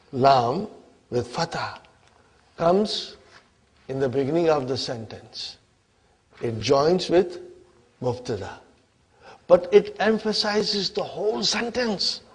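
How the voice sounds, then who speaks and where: A man teaching an Arabic grammar class, speaking slowly and deliberately and often checking that his listeners follow. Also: sits high, breathy edge. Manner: slow, deliberate, constantly checks on listeners with questions.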